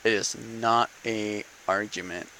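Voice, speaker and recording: A man's voice: on the low side, steady tone, takes it slowly, bright, forceful tone, slight background noise, low-quality recording. A man giving a casual, argumentative political monologue to camera, punctuating points with rhetorical "okay?" and "right?". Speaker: vlogger speaking to camera.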